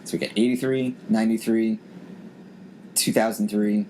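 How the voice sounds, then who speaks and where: A man's voice: lowish voice, flat delivery, moderate pace, mellow. Rambling male podcast host, faint hiss. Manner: rambling, restarts and muses aloud. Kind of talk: casual podcast chat. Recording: faint background noise.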